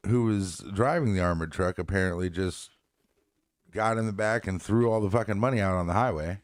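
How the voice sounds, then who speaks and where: A man with a very deep voice co-hosts a casual talk show, rambling and restarting his sentences as he goes. The sound is close and dry, with no room around it. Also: brisk, dry recording. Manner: rambling, repeats words, laughs often. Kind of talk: casual chat.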